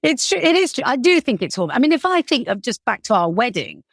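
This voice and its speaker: A woman in her forties from England, with a British accent, chats casually as a podcast guest who founded a cake business; she's self-deprecating and leans heavily on fillers. Her voice is on the high side, sing-song and husky, and she talks fast. The recording is dry and studio quality.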